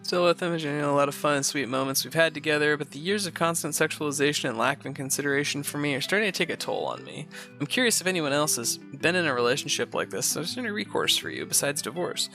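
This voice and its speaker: Bright-voiced man reading and reacting. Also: fairly high pitch, lively intonation, quick pace, faint music behind. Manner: reads in first person, breaks off for blunt sarcastic asides. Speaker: host reviewing reddit posts. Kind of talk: reading a post aloud with commentary.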